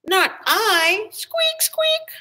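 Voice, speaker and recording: A woman voicing a tiny, lazy rat who refuses with very high, breathy squeaks. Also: very animated, extremely slow, sharp tone, heavily acted. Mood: refusing.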